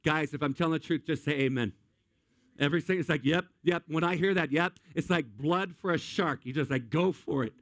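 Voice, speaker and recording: A man preaching to a crowd, quick to joke and to act out little scenes in borrowed voices. His voice sits a little high for a man and sounds close and dry, with almost no room sound. He keeps throwing questions at the audience. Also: no room sound. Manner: animated, acts out voices and asks the crowd questions. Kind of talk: humorous sermon.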